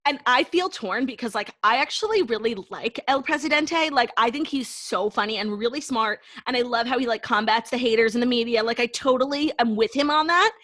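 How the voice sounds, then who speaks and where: A woman's voice: a little high, fairly quick, hardly any pauses, a bit bright, no echo. A young woman co-hosting a pop culture podcast, talking bluntly and casually, swearing freely and saying "like" a lot. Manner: blunt and frank, swears, lots of "like". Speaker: podcast co-host. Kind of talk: casual chat.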